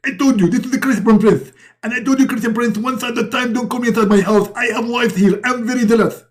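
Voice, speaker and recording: A man voicing a panicky, groveling grown man who pleads in a high, frantic voice. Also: fast talker. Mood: irritated. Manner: pleading, shrill, overexcited.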